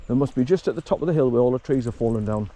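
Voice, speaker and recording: A man vlogging outdoors in a forest, with the camera on his chest harness, explaining things in a halting, rambling way and coaxing his dog along. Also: mid-range voice, noisy background. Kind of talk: casual walking vlog.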